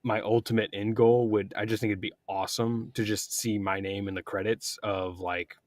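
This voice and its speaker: A man's voice: fairly low pitch, steady tone, moderate pace, darkish tone, dry recording. Easygoing enthusiastic man chatting. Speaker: podcast co-host interested in voice acting. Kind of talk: casual chat.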